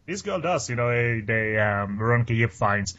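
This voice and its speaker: A man's voice: mid-range voice, animated, normal speed, a bit bright, dull audio. A man chatting casually as a podcast co-host about a film, rambling with many fillers and restarts. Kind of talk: casual chat.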